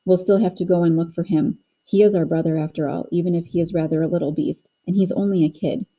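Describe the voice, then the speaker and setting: A woman's voice: fairly low pitch, steady tone, fast talker, dull audio. A woman voicing Peter, a dutiful eldest boy who speaks earnestly. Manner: earnest, slightly choked.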